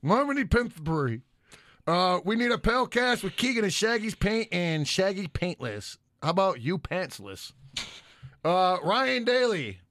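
Bright-voiced, jokey man podcasting. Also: high-pitched, sing-song, measured pace. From United States. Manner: profane, jokey, laughs often. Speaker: podcast co-host. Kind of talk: casual podcast banter, reading listener messages.

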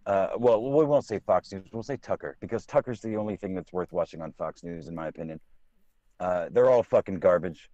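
Blunt, swearing man with a low voice. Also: fairly quick, warm tone, dry recording, muffled recording. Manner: blunt, profane, restarts often. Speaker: podcast co-host. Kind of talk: casual political chat.

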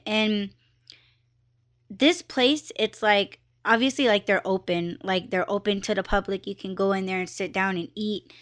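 A young woman hosting her own podcast from her office, telling a story in a chatty, animated way and slipping into quoted voices. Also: mid-range voice, clear, resonant tone. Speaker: podcast host. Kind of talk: casual storytelling monologue.

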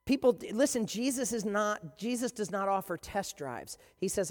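A pastor delivers an animated, emphatic sermon, retelling scenes with punchy emphasis. The voice carries a long hall reverb that marks a large church space. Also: mid-range voice, moderate pace, hardly any pauses.

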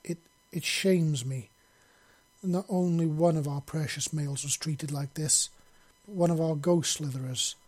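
A man's voice: a little high, a little slow. A man voicing a serpent-folk queen regent. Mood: earnest.

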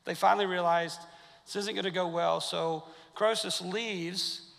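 Gravelly, bright pastor. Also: male voice, sits high, a little slow, long reverb tail. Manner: jokey, animated storyteller acting out quotes. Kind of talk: sermon with storytelling. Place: church sanctuary.

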